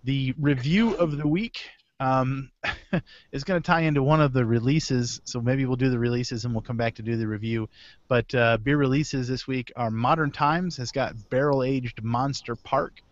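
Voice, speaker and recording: A man hosts a relaxed beer podcast, wandering through the week's releases with a rambling, self-correcting manner. His voice comes over a video call that sounds dull and dry. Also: mid-range voice, normal speed, no echo. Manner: rambling, self-correcting, chuckles between items. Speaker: podcast host. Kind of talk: casual beer podcast chat.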